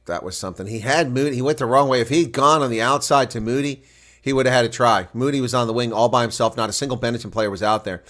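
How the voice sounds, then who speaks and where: A man giving live play-by-play rugby commentary from a home setup, getting louder and higher on big plays. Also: fast talker. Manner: excitable, bursts loud and high on big plays.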